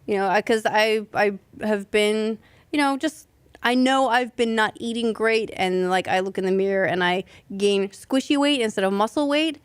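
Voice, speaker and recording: A woman's voice: mid-range voice, normal speed, clear, resonant tone, dry recording. A woman from Scotland co-hosting a podcast, trading wry, teasing banter in casual chat. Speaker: podcast co-host.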